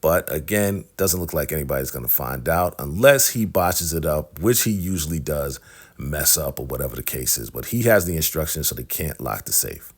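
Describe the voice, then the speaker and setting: A man casually recapping a TV drama episode, retelling scenes with animated asides and frequent "right?" checks. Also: extremely low pitch, normal speed, husky. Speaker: TV recap vlogger.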